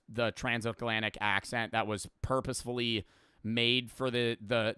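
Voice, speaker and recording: A man's voice: mid-range voice, sharp tone, clear, resonant tone, no room sound, clean studio sound. A young man streaming, reacting in casual, rambling and profane talk.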